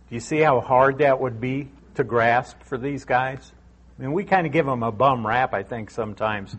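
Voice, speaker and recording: A man's voice: mid-range voice, moderate pace. A middle-aged man teaching through a Bible passage verse by verse, speaking conversationally and repeating key points for emphasis.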